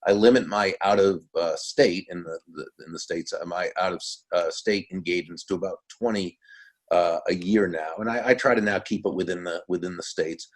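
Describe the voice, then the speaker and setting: A man in his sixties, appearing as a guest author in a casual interview, sounds relaxed and trails off softly at the ends of phrases. His voice is low-pitched and he speaks fairly quickly.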